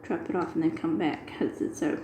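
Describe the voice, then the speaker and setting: A woman's voice: low-pitched, steady tone, a little fast, warm tone, roomy sound, a little hiss or hum, low-quality recording. A middle-aged woman, chatting casually and retelling a long everyday story with quoted dialogue. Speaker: craft video host. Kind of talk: casual chat while diamond painting.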